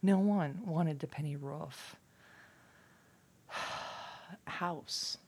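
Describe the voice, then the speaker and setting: A woman talking casually and at length, profane and rambling, dropping from loud bursts to near-whispers. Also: low-pitched, extremely slow, slight background noise. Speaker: vlogger.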